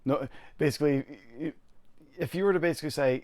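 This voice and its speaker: Chatty, laughing streamer from Canada. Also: male voice, medium pitch, lively intonation, fairly quick, darkish tone. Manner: chatty, laughing, self-deprecating. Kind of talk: casual gameplay chat.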